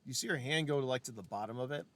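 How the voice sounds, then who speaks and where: A man runs a tabletop game in a loose, chatty way, swearing freely as he guides his players. His voice sits at an ordinary middle pitch. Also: very fast, fairly bright tone. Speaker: game master.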